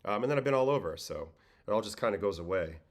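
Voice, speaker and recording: Man host with a faint New York-Boston accent, deep voice, relaxed and a bit worn out, casual livestream talk. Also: fast. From Brooklyn, New York. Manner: relaxed, conversational, reads chat questions aloud. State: tired. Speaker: livestream host, former pitcher. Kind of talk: casual livestream chat answering viewers.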